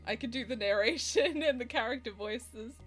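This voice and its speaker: A woman's voice: on the high side, normal speed, faint music behind. A young Australian woman streamer chatting casually while playing a game, giggling often.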